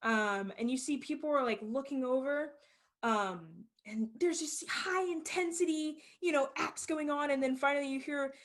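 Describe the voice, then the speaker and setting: A woman's voice: high voice, normal speed. A woman narrating as game master of a tabletop role-play, casual with many fillers.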